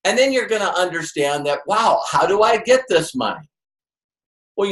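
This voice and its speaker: A man giving a motivational network marketing training to a live audience, emphatic and full of rhetorical questions. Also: fairly high pitch. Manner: emphatic, rhetorical questions, acts out quoted voices. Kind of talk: motivational seminar talk. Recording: roomy echo.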